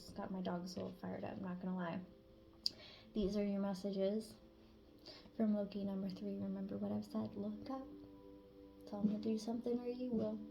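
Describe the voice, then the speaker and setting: A woman tarot reader giving a channeled spiritual reading in a blunt, casual way, swearing freely and sometimes dropping to a hush. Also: mid-range voice, creaky.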